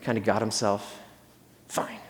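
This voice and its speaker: A man preaching a sermon in a church hall, telling stories in an animated, conversational way with self-deprecating humor. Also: lowish voice, measured pace. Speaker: pastor. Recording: long hall reverb.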